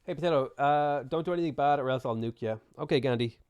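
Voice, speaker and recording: A man with a sore throat, chatting in a relaxed way as he streams a strategy game, reads chat aloud and mutters his moves. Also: fairly high pitch, fast talker, smooth, dry recording, clean studio sound. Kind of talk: live gameplay commentary, reading chat.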